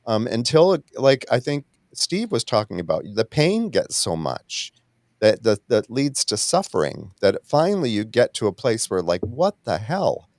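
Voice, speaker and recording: A man's voice: medium pitch, sing-song, darkish tone, dry recording. Reflective male host, dry close sound. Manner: reflective, halting. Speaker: podcast host. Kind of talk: casual chat.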